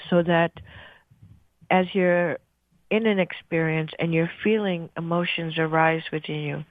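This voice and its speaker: A woman radio host leading a guided breathing meditation in a slow, soothing, gentle way. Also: lowish voice, dry recording. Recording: thin phone-like sound.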